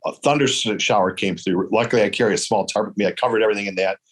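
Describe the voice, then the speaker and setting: A man from Michigan, a guest on a show, telling a story in a relaxed, rambling way and acting out the voices of people he met. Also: on the low side, very fast. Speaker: guest, traditional bow hunter. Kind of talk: casual storytelling.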